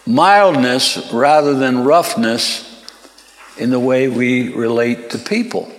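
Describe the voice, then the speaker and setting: A man preaches at an unhurried, measured pace, his mid-pitched voice climbing high and loud whenever he quotes someone. The sound rings with a long reverb, as in a large hall. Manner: slow, deliberate delivery that rises sharply when quoting. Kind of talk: sermon.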